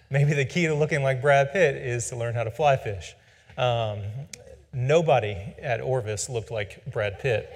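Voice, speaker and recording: A man's voice: medium pitch, moderate pace, a little hiss or hum. A man in his forties telling a rambling personal story with self-deprecating humor. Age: 40s. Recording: long reverb.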